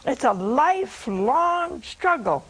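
A woman's voice: sits high, big pitch swings, takes it slowly, rough recording. A woman in her seventies giving a reflective sermon, dropping to a whisper at times. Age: 70s. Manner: reflective, drops to a whisper for quoted words. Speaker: preacher.

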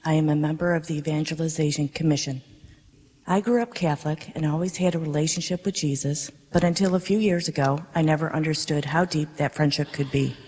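A woman, a parishioner, reading her personal faith testimony to a congregation in an earnest, measured way. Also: low voice, steady tone, darkish tone, breathy edge. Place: darkened church worship space. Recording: reverberant worship space.

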